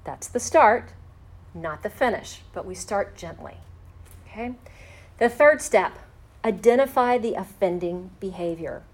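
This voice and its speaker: Woman giving a measured faith-based lesson. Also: mid-range voice, lively intonation. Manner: measured and step-by-step, slowing for key phrases. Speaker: teacher on forgiveness. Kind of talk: faith-based instructional talk.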